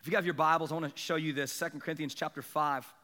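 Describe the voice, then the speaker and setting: A young adult male pastor delivers an animated sermon, drawing the congregation in with stories and quick asides. His voice sits high and bright, with a ringing, forward edge. The sound carries a long reverb from a church sanctuary.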